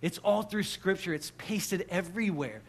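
A man with a fairly high-pitched voice delivers a sermon as a pastor. He reads scripture with deliberate, slowed emphasis and swings between fervent, loud declarations and quiet, intimate asides. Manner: reads scripture aloud with deliberate slowing on key words.

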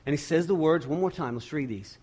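A male pastor preaching a sermon, retelling a scripture story with dramatic pauses and repeated words. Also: on the high side, darkish tone, husky.

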